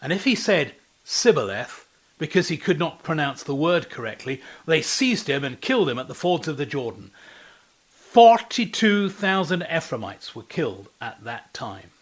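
A man with a slightly high voice preaches a devotional talk. He tells a scripture story, then asks the listener rhetorical questions. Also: big pitch swings, normal speed.

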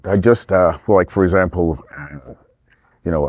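A middle-aged actor from England, speaking as an interview guest in a rambling, animated way with many restarts. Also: male voice, rumbling low, fast talker, breathy edge, no echo. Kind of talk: casual interview talk.

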